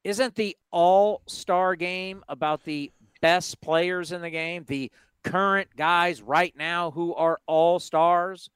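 A man's voice: sits high, steady tone, slow, fairly bright tone, smooth, no echo. A man hosting a baseball talk show, talking casually and emphatically, firing off rhetorical questions. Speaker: sports talk show host.

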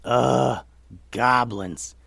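A man voicing a gruff, impatient warrior who growls and yells. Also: mid-range voice, normal speed, dry recording, close to an everyday voice. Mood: grumbling. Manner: growling, yelling.

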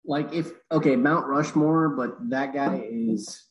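A man's voice: medium pitch, takes it slowly, highs cut off. A man co-hosting a casual podcast chat, telling stories with crude language and acting out quotes. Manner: storytelling, swearing, acts out quotes. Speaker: podcast co-host. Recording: roomy echo with faint background noise.

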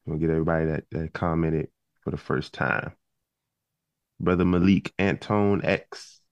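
Man, host of a group call, very deep voice, monotone, dry sound, muffled audio. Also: moderate pace, no echo. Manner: easygoing, calls on speakers by name.

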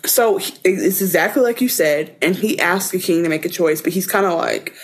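A woman's voice: on the low side, moderate pace, husky. A woman co-hosting a podcast in casual chat, animatedly acting out scenes in playful voices. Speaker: podcast co-host.

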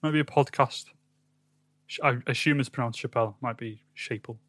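A man's voice: mid-range voice, a little fast, a bit bright, no room sound. A man co-hosting a casual music podcast, rambling and hesitant, with lots of ums. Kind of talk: casual chat.

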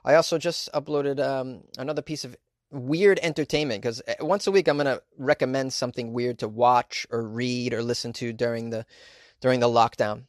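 A man's voice: medium pitch, fairly even intonation, normal speed, dry recording. Guy hosting his own podcast, rambly, lots of ums, dead dry close mic. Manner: rambling, with many fillers and restarts. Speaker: podcast host. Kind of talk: casual monologue.

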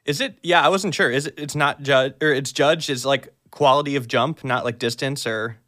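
Man, podcast host, mid-pitched voice, curious, eager, stammering questions. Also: normal speed, bright, forceful tone. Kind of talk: casual interview chat.

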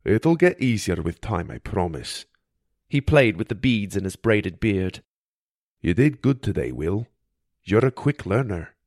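A man voicing a gruff male fairy mentor who talks low and quiet with dry teasing. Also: big pitch swings, unhurried, no echo, exaggerated voice. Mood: guarded.

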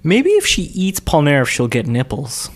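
A wisecracking co-host in a casual podcast chat who keeps throwing in joking questions. The voice sits at a middle pitch and stays conversational. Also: huge pitch swings, normal speed.

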